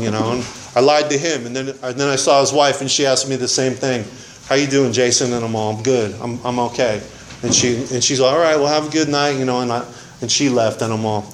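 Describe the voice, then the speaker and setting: Man, casual testimony, slangy and rambling, mid pitch, faint noise behind. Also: fairly even intonation, fairly quick. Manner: slangy, rambling, says man and dude a lot. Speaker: recovery meeting speaker.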